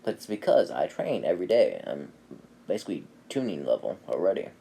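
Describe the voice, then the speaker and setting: A man voicing an overpowered, cocky teenage boy ninja in a casually retold fan story, speaking in a calm, matter-of-fact way. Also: sits low, a little fast, vocal fry, breathy edge, full character voice. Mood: cool.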